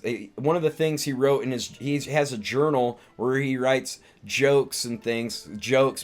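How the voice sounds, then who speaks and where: A man hosting a live stream, casually recapping a film in a rambling way with lots of restarts and filler words. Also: mid-range voice. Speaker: live-stream host, comedian.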